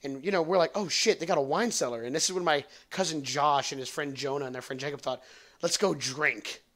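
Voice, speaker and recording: A man's voice: a little high, fairly quick, fairly bright tone. A young man hosting a podcast, telling a long story in a rambling, profane, joking way. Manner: rambling, profane, laughs at own jokes. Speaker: podcast host. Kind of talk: casual storytelling.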